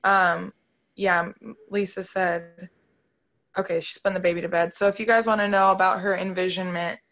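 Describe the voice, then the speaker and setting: A woman's voice: on the low side, steady tone, moderate pace, a bit bright, dull audio. A woman hosting a motivational video call, upbeat and emotional as she talks straight to her group.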